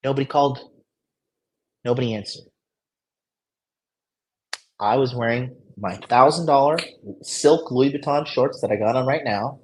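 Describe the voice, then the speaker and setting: A man's voice: mid-range voice, measured pace, pauses often, a little hiss or hum, rough recording. A man telling a story casually, boastful and full of swearing, recorded in a private hospital room. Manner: profane, boastful, heavy swearing. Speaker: dating coach vlogger.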